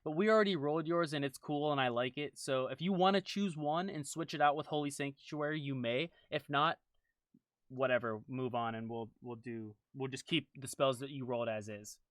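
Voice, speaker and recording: A man's voice: medium pitch, moderate pace, fairly bright tone, no echo. A man running a tabletop game, talking casually and upbeat, often repeating himself. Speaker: game master. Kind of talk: wrapping up a tabletop game session.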